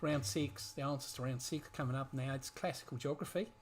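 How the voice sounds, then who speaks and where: A man's voice: mid-range voice, a little fast, a little hiss or hum. A man co-hosting a casual family quiz video, reading out the answers with dry, joking asides.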